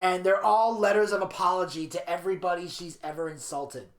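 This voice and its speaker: A man co-hosting a podcast, reading a narration aloud and retelling scenes in a crude, animated way. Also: high voice, fairly quick. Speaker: podcast co-host. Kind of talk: casual podcast chat, reading a documentary narration. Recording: echoey room.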